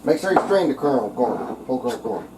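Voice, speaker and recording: Southern-accented man, home cooking vlog, crude jokey asides, mid-pitched voice, loud kitchen clatter behind. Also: very animated, fast, noisy background. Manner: crude, profane, joking asides. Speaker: cooking vlogger. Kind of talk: casual cooking demonstration. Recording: kitchen clatter of pots and cutlery. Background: clinking dishes and utensils.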